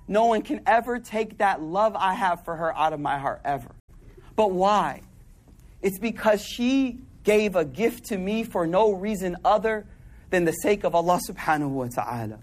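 A high-pitched man delivers a sermon as a casual story. He talks in an animated, street-casual way and often sinks into hushed, soft-spoken asides. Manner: animated, conversational, drops into quiet soft asides. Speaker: preacher.

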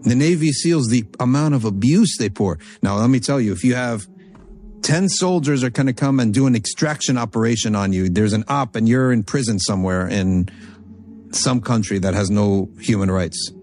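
A man giving a religious lecture, telling a story from Arabic texts and explaining it in English with animated, emphatic delivery. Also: medium pitch, moderate pace, faint music behind. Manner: emphatic, repeats phrases for stress. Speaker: Islamic teacher.

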